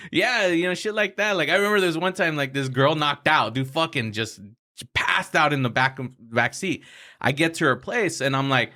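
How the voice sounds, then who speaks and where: A man's voice: fairly high pitch, normal speed, bright, forceful tone. A man as a podcast guest, telling stories in a casual, profane way and laughing as he acts out the people in them. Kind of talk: casual storytelling chat.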